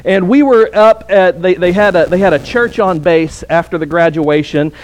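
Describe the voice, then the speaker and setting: Male pastor, sermon, high voice, earnest, halting repeats.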